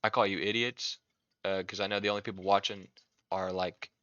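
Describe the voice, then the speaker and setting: A man's voice: deep voice, fairly even intonation, a little fast, bright, forceful tone, no echo. A man delivering an angry, profane comedic rant. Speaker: video creator. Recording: dull lo-fi recording.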